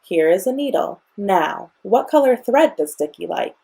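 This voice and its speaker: A young woman reading aloud as a cheerful, literal-minded storybook housekeeper, bright and eager in every reply. The voice sits a little higher than the reader's own, with a husky edge and a bouncy, lively lilt. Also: a little slow, exaggerated voice.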